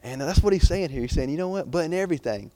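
A man's voice: on the high side, lively intonation, quick pace, dark tone, no room sound. A young man preaching an informal sermon in a chatty, rambling way, full of fillers and restarts.

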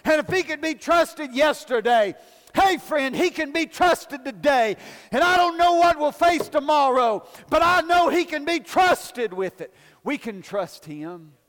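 A man preaching a folksy sermon, building to shouted emphasis and calling for amens in a church. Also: extremely high pitch, expressive, measured pace, long reverb tail. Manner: folksy, rising to shouted emphasis, calls for amen.

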